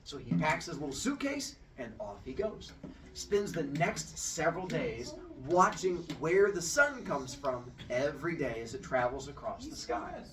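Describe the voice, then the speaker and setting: Animated man retelling a myth for laughs. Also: a little high, unhurried, crowd noise. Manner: animated, jokey, acts out every voice. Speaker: podcast storyteller. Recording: distant mic with faint noise.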